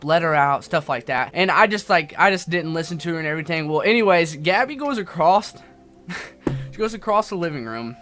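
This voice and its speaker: A man's voice: sits high, sharp tone. A young man in his twenties telling a rambling personal story in a casual vlog, restarting sentences often and swearing now and then. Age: 20s. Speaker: YouTuber.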